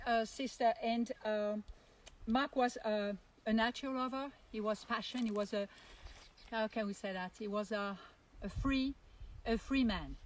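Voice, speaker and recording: A woman with a French accent giving a casual video tour of her vineyard, speaking haltingly with many fillers and restarts. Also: fairly high pitch, steady tone. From France. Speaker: winemaker. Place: outdoors at a vineyard.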